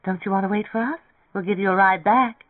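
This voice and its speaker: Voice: medium pitch, fairly even intonation, fast talker, dry recording, pitched above the performer's own voice, lightly acted. A reader voicing an anxious young woman who pleads in a raised voice, over a tinny, dry radio recording. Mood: pleading.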